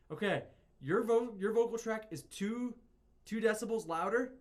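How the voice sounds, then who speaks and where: A man's voice: sits high, moderate pace. A man giving a casual, rambling lesson on music production, often correcting himself as he goes. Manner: chatty, rambling, self-correcting.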